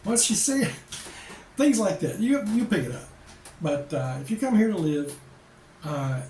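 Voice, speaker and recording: A man's voice: fairly high pitch, a little mellow, distant mic, a little hiss or hum. A man in his sixties from the United States giving casual, rambling advice to camera as an expat vlogger, plain-spoken and repeating himself. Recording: echoey room, voice away from the mic.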